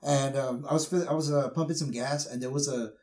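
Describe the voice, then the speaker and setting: A man's voice: medium pitch, fairly even intonation, fast talker, a little mellow. A man, telling stories in casual podcast chat, loose and full of filler words. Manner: loose storytelling, many filler words and laughs. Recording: roomy echo.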